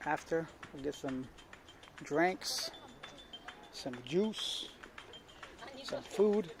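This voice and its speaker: A man's voice: a little high, expressive, extremely slow, gravelly. Chatty guy vlogging outdoors. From Canada. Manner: chatty, talks straight to viewers and to stray dogs. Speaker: travel vlogger. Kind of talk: casual walking vlog. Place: outdoors on old city streets. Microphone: handheld camera while walking. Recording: outdoor street noise.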